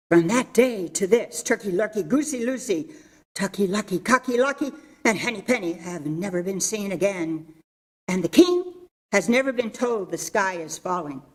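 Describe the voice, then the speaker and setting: A woman, a teacher, giving public comment at a council podium, reading a story aloud in a loud, earnest teacher voice. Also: mid-range voice. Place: city council chamber.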